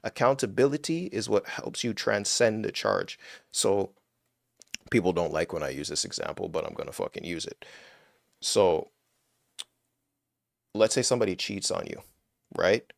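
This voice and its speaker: A young man with a low, gravelly voice talks through ideas on a live stream in a loose, blunt way, tagging "right?" onto his points and swearing now and then. The sound is close and dry, with no room around it. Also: normal speed, long pauses, no room sound. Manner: informal and blunt, swears, many "right?" tags. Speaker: host of a spirituality and money live stream. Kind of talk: casual live-stream teaching.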